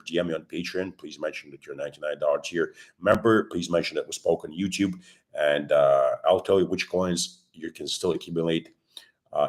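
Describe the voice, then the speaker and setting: A man hosting a crypto livestream with a sore throat, often clearing it, explaining his views calmly and greeting viewers by name. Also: extremely low pitch. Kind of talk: casual livestream chat.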